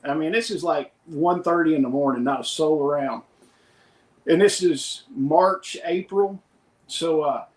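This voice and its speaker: A man's voice: a little high, echoey room, poor audio. A middle-aged man co-hosting a podcast, telling rambling anecdotes in casual chat and quoting others in his plain voice. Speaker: podcast co-host.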